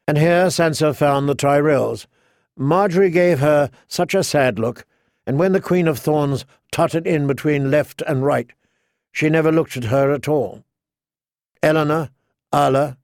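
A man's voice: on the high side, darkish tone, dry recording. Man narrating a fantasy audiobook, dry.

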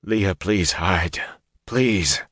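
A fierce young blacksmith fighter with a deep, raw voice, put on by a male narrator. His cries come out strained and desperate in a dry, close storybook recording. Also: lively intonation, unhurried, vocal fry, fairly bright tone, breathy edge, dry recording, full character voice. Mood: pleading.

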